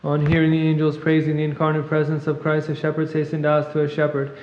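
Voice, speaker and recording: Guy rattling off church chant super fast, flat one-note, big echoey church. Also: on the high side. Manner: fast monotone recitation, clears throat at times. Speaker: reader at a monastery service. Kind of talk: rapid liturgical chant reading. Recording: echoey church, long reverb, muffled.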